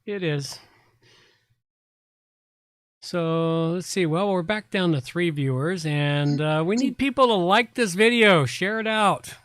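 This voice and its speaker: A man's voice: high voice, slow pace, fairly bright tone, no room sound, clean studio sound. A middle-aged man hosting a casual late-night livestream from his apartment, tipsy and blunt, swearing freely as he chats. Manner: blunt, profane, drawling. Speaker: livestream host. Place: home apartment.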